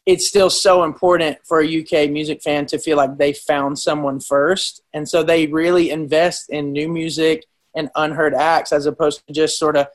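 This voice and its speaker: Earnest American musician, slightly high voice. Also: male voice, flat delivery, moderate pace, hardly any pauses. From United States. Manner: earnest and enthusiastic, with frequent restarts. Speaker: musician, band member guest. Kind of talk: casual interview chat. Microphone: video call from home.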